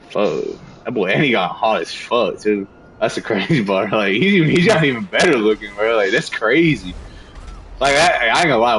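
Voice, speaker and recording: A man's voice: fairly low pitch, a bit bright, a little hiss or hum, poor audio. A young man streaming a game on a headset mic, telling stories in a laid-back, casual way with lots of swearing. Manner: laid-back storytelling, heavy swearing, frequent laughs. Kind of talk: casual chat while gaming.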